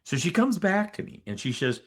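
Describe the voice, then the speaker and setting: An older man, a physician and energy healer, telling a story as a podcast guest in an animated, emphatic way with asides to the listener. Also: fairly high pitch, fairly quick. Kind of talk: conversational storytelling in an interview.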